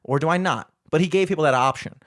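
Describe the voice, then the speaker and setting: A man co-hosting a podcast in casual, animated chat, swearing and laughing often. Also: a little high, fast talker, dry recording, studio quality. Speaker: podcast co-host.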